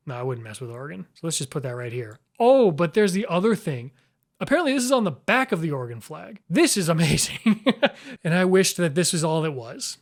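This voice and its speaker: A man hosting his own video, giving casual, playful commentary as he ranks flags, with frequent exclamations and chuckles. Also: high voice. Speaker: YouTube host.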